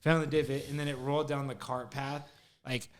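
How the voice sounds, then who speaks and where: A young man co-hosting a podcast, telling long stories in animated, profane casual chat packed with "like". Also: mid-range voice, fairly quick. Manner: animated, profane storytelling full of "like". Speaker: podcast co-host.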